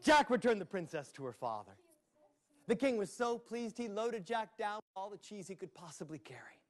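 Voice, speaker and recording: The voice is a man's, high-pitched and full of big pitch swings, delivered at normal speed. As a storyteller at a public library, he tells children a playful story laced with sound effects and asides.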